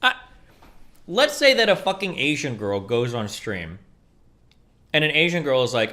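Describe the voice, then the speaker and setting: A man in his thirties giving a heated, profane reaction commentary, incredulous and quick to raise his voice. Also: mid-range voice, sing-song. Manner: profane, incredulous, rising to shouting rants. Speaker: streamer reacting to a debate.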